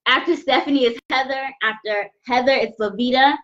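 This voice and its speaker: A woman giving a live tarot reading, talking slowly with many restarts as she holds back tears. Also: sits high, dull audio. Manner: warm, emotional, halting with many restarts. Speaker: tarot reader. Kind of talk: live-stream card reading.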